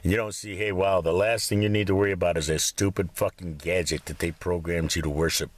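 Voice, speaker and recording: Speaking in a low, steady voice that runs a little fast, a Michigan man vents to his audience from a chilly room in his house. He curses nonstop and wanders from point to point in a profane, heated rant.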